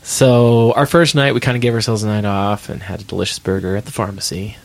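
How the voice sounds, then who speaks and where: A man telling tour stories in a casual interview, animated, with frequent restarts. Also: fairly low pitch, fairly quick, vocal fry. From Midwest United States. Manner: animated storyteller, many restarts. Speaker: touring musician guest.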